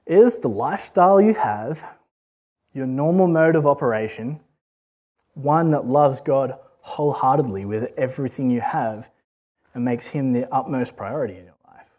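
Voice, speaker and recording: A man's voice: mid-range voice, moderate pace, a little mellow. A man giving an earnest, conversational sermon full of rhetorical questions. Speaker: preacher.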